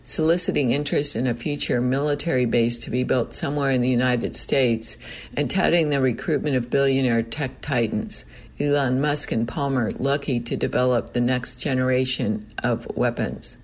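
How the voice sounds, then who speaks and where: Male news reader, mid-pitched, steady measured read of a written report. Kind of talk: reading a news report aloud.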